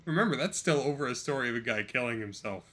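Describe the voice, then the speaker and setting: Dry-humored man co-host, casual chat, bright tone. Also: mid-range voice, lively intonation, quick pace. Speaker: podcast co-host.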